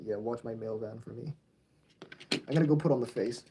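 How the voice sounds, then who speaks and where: A young man streaming his model railway layout in casual commentary, excitable and prone to yelling at the trains. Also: mid-range voice, a little fast, a little hiss or hum. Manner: excitable, yells at toy trains.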